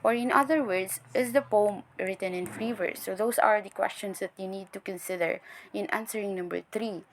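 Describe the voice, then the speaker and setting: A young woman talks through a recorded class presentation in a gravelly, fry-touched voice. She explains point by point, often stopping to restart a word. A faint hiss sits under the recording. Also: medium pitch. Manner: halting, many restarts and fillers, explaining step by step. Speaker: student presenter.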